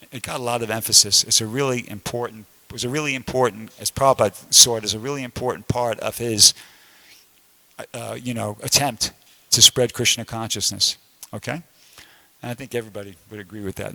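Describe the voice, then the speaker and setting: A man's voice: medium pitch, sharp tone. A man giving a conversational sermon-style class in a temple room, with frequent restarts and emphatic asides.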